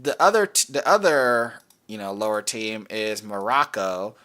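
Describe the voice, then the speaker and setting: A man's voice: on the low side, expressive, unhurried, bright, forceful tone. Rambling male podcast co-host. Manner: rambling, self-correcting, frequent fillers. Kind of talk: casual chat about soccer picks.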